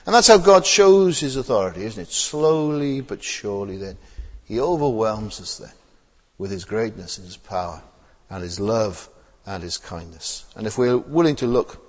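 A man's voice: lowish voice, lively intonation, moderate pace, a little mellow, big-room sound. A man preaching a sermon in a plain, conversational way, with many rhetorical tag questions and frequent hesitations and repeated words.

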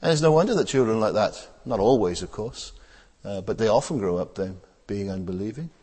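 A man gives a sermon in an easy, conversational way, full of rhetorical tag questions. He often stalls, hesitates and repeats words before pressing on. His voice is a little husky and its pitch moves a lot, with a long hall echo trailing behind it. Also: lively intonation, a little fast, dark tone. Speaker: preacher.

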